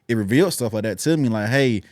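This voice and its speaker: A man hosting a podcast interview, relaxed and slangy, with a steady stream of short affirmations. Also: lowish voice, racing, no echo, studio quality. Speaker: podcast host. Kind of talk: casual interview chat.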